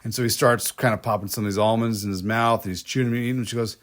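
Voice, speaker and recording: He's a U.S. podcast co-host whose voice sits on the low side, steady in tone but racing in pace. Chatting casually, he tells rambling stories, stopping to restart and laughing as he goes.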